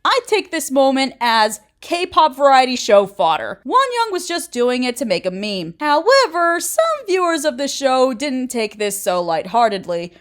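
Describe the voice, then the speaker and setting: Sassy woman in her twenties, lively. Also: on the high side. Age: 20s. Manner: sassy, blunt, opinionated. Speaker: YouTuber. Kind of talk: commentary video essay narration.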